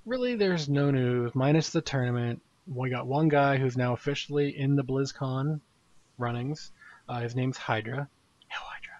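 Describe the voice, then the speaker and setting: A man's voice: medium pitch, moderate pace, a little mellow, highs cut off. A man hosting a casual live gaming podcast, rambling in a laid-back way with small chuckles. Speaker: podcast host.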